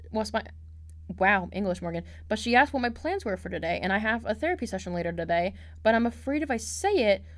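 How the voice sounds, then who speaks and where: A young woman hosting a casual podcast, reading out online posts and reacting bluntly and sarcastically, swearing freely. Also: fairly high pitch. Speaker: podcast host.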